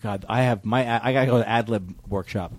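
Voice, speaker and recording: A man's voice: on the low side, a little fast, dry recording. A man who is a comedian guest, chatting casually with wry, rambling, self-mocking asides.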